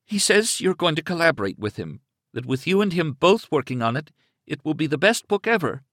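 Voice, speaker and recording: A man's voice: medium pitch, sing-song, slow pace, dry recording, voice pushed up. A man voicing a frightened young mother who sounds harried and close to tears, pleading in a trembling voice.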